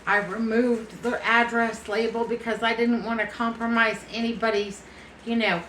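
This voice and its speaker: A woman's voice: on the high side, level tone, moderate pace, fairly bright tone, roomy sound, slight background noise, low-quality recording. A middle-aged woman from the chatting casually to camera, affectionate and folksy, feeling a bit foggy and unsteady. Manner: chatty, affectionate, calls people honey and baby. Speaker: vlogger.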